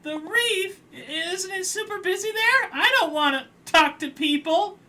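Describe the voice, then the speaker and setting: A man voicing a timid young hermit crab in a high, anxious, squeaky voice. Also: unhurried, pushed and bright, distant mic, exaggerated voice. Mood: nervous, pleading.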